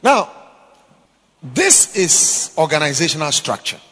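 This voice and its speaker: A man preaching a sermon in church, emphatic, swinging between loud exhortations and quiet asides. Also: a little high, big pitch swings, slow, slightly rough, in a large hall.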